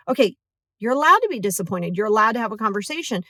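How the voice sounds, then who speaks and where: A woman with a fairly high voice hosts a motivational podcast in a relaxed, chatty way. She keeps checking in with "right?" and acts out other people's voices. The sound is dry and close to the mic. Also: fairly quick, no room sound. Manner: animated, acts out quoted voices; casual, filler-heavy, checks in with "right?". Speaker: podcast host.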